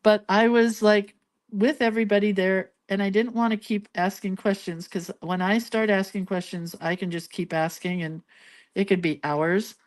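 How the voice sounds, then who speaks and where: A woman's voice: medium pitch, steady tone, moderate pace. A woman hosting a craft channel, telling a rambling story in casual chat and laughing between lines. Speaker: lettering and doodling channel host.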